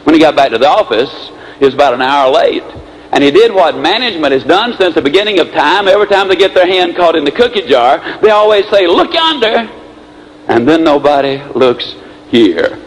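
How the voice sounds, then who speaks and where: A man giving a motivational speech, telling stories in an animated way with big swings in pace and pitch. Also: a little fast, rough recording. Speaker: motivational speaker.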